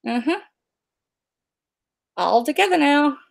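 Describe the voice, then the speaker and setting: A woman's voice: high voice, big pitch swings, slow, creaky. A woman hosting a casual chat, talking in a chatty way with laughing asides. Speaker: host.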